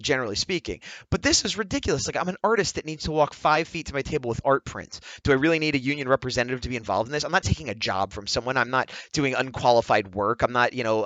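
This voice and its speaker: Fast-talking exasperated man. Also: on the high side, dry recording, muffled recording. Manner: animated, exasperated storytelling with quoted dialogue. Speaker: vlogger and comic artist. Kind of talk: casual vlog rant.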